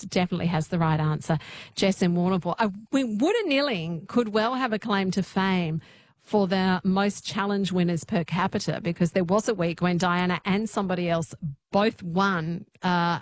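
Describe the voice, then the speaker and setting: Woman hosting a radio quiz. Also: lowish voice. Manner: friendly, brisk, reading callers' messages. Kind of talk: radio talk show hosting.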